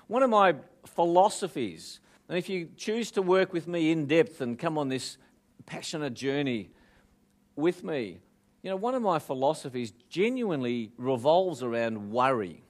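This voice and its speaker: Australian male speaker, lively joke-teller, fairly high voice. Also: moderate pace. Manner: lively joke-telling, audience questions. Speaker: motivational speaker. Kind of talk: live motivational talk with jokes.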